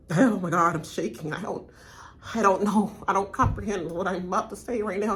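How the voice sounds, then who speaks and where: A woman's voice: medium pitch, fairly quick. Woman ranting and laughing through a reaction. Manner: animated, laughs often, blunt trash talk. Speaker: reaction channel host. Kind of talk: casual reaction commentary.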